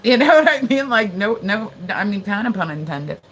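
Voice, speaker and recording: A woman's voice: mid-range voice, expressive, normal speed, a bit bright, soft background music, rough recording. A woman live streaming in casual chat, rambling with lots of fillers, laughter and swearing.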